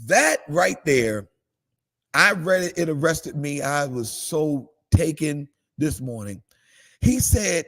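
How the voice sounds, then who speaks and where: Preachy pastor, higher-pitched man. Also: slow pace. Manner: preachy, shifts between calm reading and excited high exclamations. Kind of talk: livestream morning devotional.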